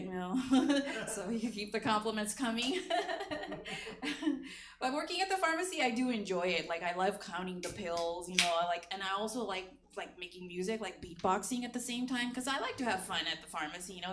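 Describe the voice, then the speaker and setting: A woman hosts a comedy show and performs stand-up on an echoey stage, her medium-pitched voice brisk and chatty, full of filler words as she laughs at her own jokes. Crowd noise mixes into this echoey live room recording.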